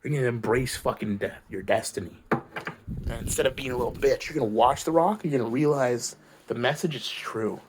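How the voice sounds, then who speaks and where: A man's voice: mid-range voice, brisk, slight background noise. Male video creator, profane preachy rant, mid-range voice. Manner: heated, preachy, swears constantly. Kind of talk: profane ranting monologue.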